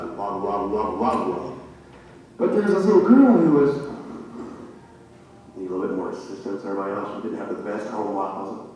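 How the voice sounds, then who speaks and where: A man doing live stand-up comedy, laughing at his own jokes and acting out quick bits of dialogue. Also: mid-range voice, a little mellow, a little hiss or hum. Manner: acts out dialogue in quick impressions. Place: veterans' hall stage. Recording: echoey hall mic from a distance.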